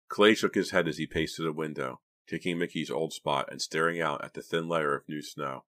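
A man narrating an audiobook in a steady, measured storytelling manner. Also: a bass voice. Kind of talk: scripted narration.

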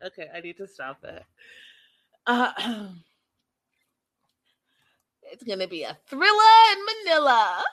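Talking straight to her viewers, a young woman casually recaps a reality show, gossipy, animated, and frequently laughing. Her high-pitched voice moves slowly, and she pauses often.

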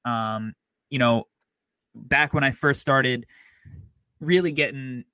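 Bright-voiced easygoing podcast man. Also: mid-range voice, smooth, dry recording. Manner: upbeat, easygoing, measured with fillers. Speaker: podcast co-host. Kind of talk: casual sports podcast chat.

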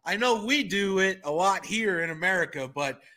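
A man co-hosting a laid-back podcast, joking around and poking fun at himself. His voice sits a bit high and rings bright and forceful. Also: lively intonation, normal speed. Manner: chatty, joking, self-deprecating. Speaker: podcast co-host. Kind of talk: casual podcast chat.

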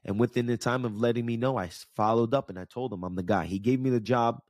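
A podcast host and life coach in his thirties, with a New York / New Jersey area accent, gives a casual storytelling monologue about his own life, candid and conversational, checking in with the listener. His mid-range voice is steady, quick, and a little mellow, in a dry studio-quality recording.

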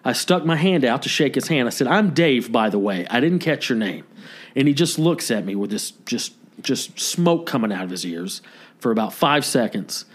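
A man co-hosting a comedy podcast tells a long story in casual conversation, animatedly acting out the people in it and voicing their quotes. His pitch is medium and he speaks at normal speed.

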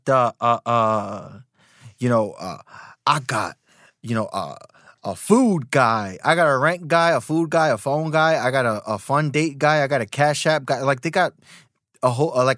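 A man in his thirties hosting a podcast, telling stories in an animated rant full of fillers and restarts. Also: mid-range voice, no echo, studio quality. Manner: animated storytelling with many fillers. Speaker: podcast host.

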